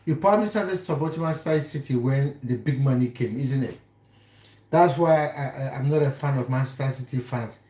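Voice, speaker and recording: A man's voice: mid-range voice, fairly quick, dark tone. A young man from Cameroon hosting a casual livestream from his kitchen, chatting with and teasing viewers by name as he reads their comments. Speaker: livestream host. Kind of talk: casual live chat reading viewer comments. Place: home kitchen. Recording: echoey kitchen room.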